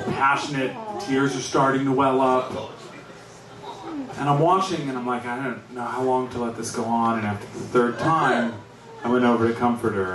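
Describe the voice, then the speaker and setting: A man's voice: mid-range voice, expressive, moderate pace. Wry storytelling man, echoey and distant. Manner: wry, conversational storyteller with frequent chuckles. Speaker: stand-up comedian. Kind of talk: stand-up storytelling. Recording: echoey, distant mic with noise.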